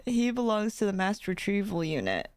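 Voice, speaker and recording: A woman's voice: mid-range voice, big pitch swings, normal speed, no echo. A woman playing a tabletop game, chatting in a playful, giggly way. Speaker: player. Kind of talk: casual tabletop play.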